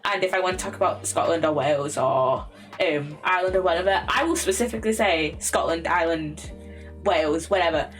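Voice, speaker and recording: A young English woman chats loosely on her live stream, looping back on herself with fillers and repeated phrases. She laughs often and swears casually. Soft lo-fi music plays faintly behind her. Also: on the low side, a little fast. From England.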